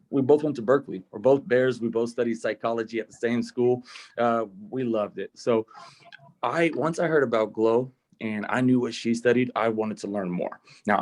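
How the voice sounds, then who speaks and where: A young man on a video call, introducing his mentor to his team in a warm, grateful way with lots of um and uh. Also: medium pitch. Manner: warm and grateful, with frequent fillers. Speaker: team member introducing the guest.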